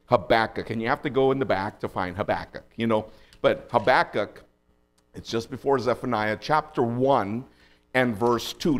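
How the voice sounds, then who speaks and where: A man preaching a sermon as pastor, moving from low, quiet asides to raised, pleading cries.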